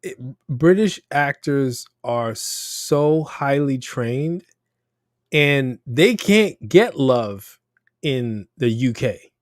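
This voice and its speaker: A man hosting a casual talk show, speaking in an animated, emphatic way and swearing freely. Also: medium pitch, very slow, no room sound, studio quality. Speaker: podcast host. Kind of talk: casual chat.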